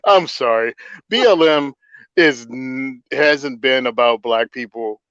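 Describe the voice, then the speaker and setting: A man's voice: mid-range voice, takes it slowly, fairly bright tone, smooth, no echo, dull audio. A man hosting a casual political chat, blunt and sarcastic, often laughing at his own points. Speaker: podcast host.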